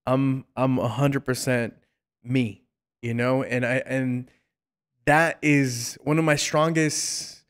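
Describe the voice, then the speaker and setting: Smooth-voiced man hosting a casual chat. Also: medium pitch, fairly even intonation. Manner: warm, halting, many restarts and fillers, playful teasing. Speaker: podcast host.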